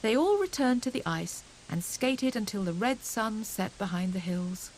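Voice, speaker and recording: A woman narrating a children's storybook audiobook in a gentle, expressive storytelling manner. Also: medium pitch, moderate pace, a little hiss or hum, poor audio.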